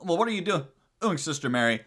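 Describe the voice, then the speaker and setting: A man's voice: a little high, big pitch swings, fast, fairly bright tone. A man doing a pompous stuffy bishop.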